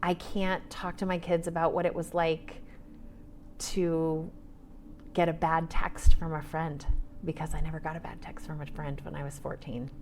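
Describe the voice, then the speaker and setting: A woman's voice: deep voice, little pitch movement, moderate pace, a little hiss or hum. A woman in her forties, an author and trauma therapist, talking animatedly on a panel and dropping to whispers for asides. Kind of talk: casual panel conversation.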